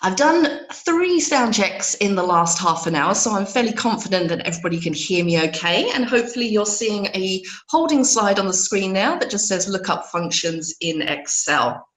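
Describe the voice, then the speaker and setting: A woman, an IT trainer, hosting a live training webinar while hoarse and congested from a cold, chatty and laughing at herself. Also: medium pitch, sing-song, normal speed, few pauses, a bit bright, echoey room, low-quality recording.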